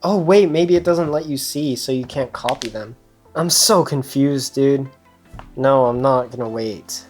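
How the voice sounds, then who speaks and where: A woman hosting a cubing video, giving nervous, excitable running commentary with frequent swearing and laughter. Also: rumbling low, a little slow, soft background music. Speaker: speedcubing channel host. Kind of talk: casual vlog commentary while playing. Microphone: GoPro camera.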